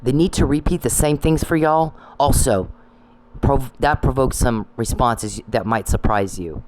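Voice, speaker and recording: A man's voice: mid-range voice, unhurried, a little mellow, slight background noise, poor audio. A man delivering an angry, profane monologue that scolds people he addresses. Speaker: commentary channel host.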